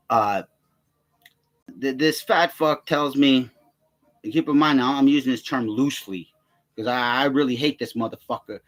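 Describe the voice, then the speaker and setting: A young male vlogger with a mid-range, fairly bright voice rants casually to the camera. He rambles and swears heavily, mimicking other people in raised voices as he tells his stories.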